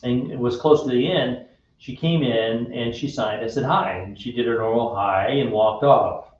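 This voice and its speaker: A man hosting a radio show, telling a personal story in a friendly, unhurried way. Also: mid-range voice, darkish tone. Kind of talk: casual faith-based chat. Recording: echoey room, distant dull mic.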